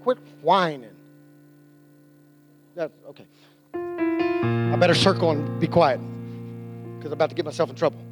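High-voiced preacher with a drawl. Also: male voice, unhurried, long pauses, loud music behind the voice. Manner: animated preaching with restarts and acted-out quotes. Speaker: pastor. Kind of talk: sermon.

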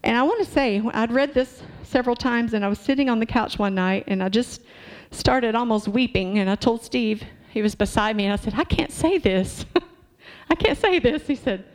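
A woman's voice: fairly high pitch, a little fast, hardly any pauses. A woman preaching a sermon in a church, talking conversationally and asking the congregation questions.

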